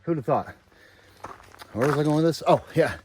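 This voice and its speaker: A man's voice: fairly high pitch, expressive, normal speed, darkish tone, slight background noise. A man filming himself while hiking on a forest trail, giving an upbeat, chatty casual vlog update and often tossing in "baby". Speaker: thru-hiker vlogger. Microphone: handheld camera, selfie.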